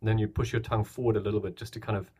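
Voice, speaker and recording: A young man with a slightly husky voice talks a viewer through beatbox sounds into his camera mic. He is relaxed and chatty, and his explanations wander and restart as he goes. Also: fairly low pitch, racing. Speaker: beatbox teacher. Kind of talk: casual tutorial. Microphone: camera mic, filming himself.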